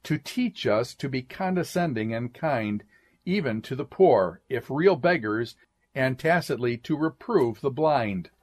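A man reading an old sermon aloud in a measured, deliberate way, speaking each "quote" and "end quote". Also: medium pitch, lively intonation. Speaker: sermon reader.

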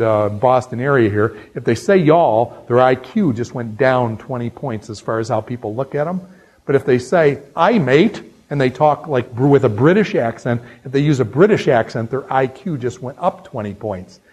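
Husky-voiced man giving a Bible lecture. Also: medium pitch, poor audio. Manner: conversational storytelling, drops to hushed earnest tones. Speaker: Bible teacher. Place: New England.

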